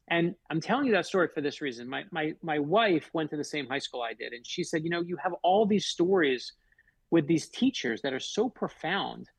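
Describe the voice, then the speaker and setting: A man's voice: on the high side, a little fast, vocal fry, slightly rough, no echo, low-quality recording. A man, a guest author, telling personal stories in a radio interview and acting out the dialogue in them. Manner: animated storyteller, acts out quoted dialogue.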